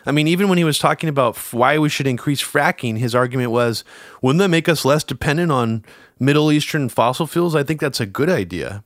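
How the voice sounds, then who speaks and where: A man co-hosting a casual political talk show, rambling and swearing, his voice jumping up in pitch when he gets worked up. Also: expressive, brisk, no room sound, studio quality. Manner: rambling, swears, many fillers and restarts, pitch jumps up when agitated. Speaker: podcast co-host.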